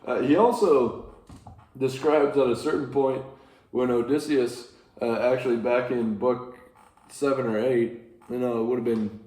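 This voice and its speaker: A man's voice: mid-range voice, fairly even intonation, measured pace, a little mellow. A man casually retelling an ancient epic as a lecture, rambling and correcting himself, with dry asides. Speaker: teacher retelling a classic epic. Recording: echoey room.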